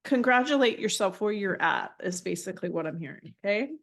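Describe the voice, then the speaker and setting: A woman giving a live channeled spiritual reading, gentle and affirming, often repeating phrases as she passes messages on. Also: medium pitch, animated, fairly quick.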